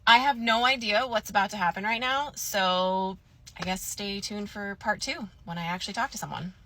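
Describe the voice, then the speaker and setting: A woman casually recounting her own story in a chatty, animated way, often acting out both sides of conversations. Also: mid-range voice, moderate pace.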